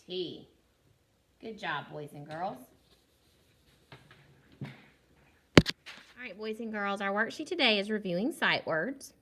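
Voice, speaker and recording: A woman teacher giving a recorded phonics lesson to young children, sounding out words slowly and clearly and praising them. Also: mid-range voice, sharp tone.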